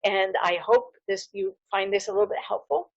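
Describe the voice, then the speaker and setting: A woman's voice: medium pitch, normal speed, vocal fry, dry recording, lo-fi sound. A middle-aged woman giving a casual, heartfelt wellness talk to camera, earnest and full of fillers and restarts. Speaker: holistic dental hygienist.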